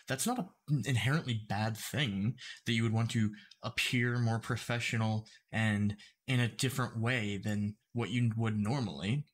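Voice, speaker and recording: A man making commentary videos who speaks deliberately clearly and explains his points step by step. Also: on the low side. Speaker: YouTube commentator.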